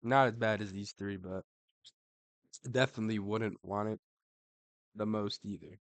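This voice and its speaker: A man's voice: lowish voice, steady tone, unhurried, no room sound. A young adult man giving casual ranking commentary, slangy and profane, saying "bro" after nearly every line. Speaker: MMA commentator.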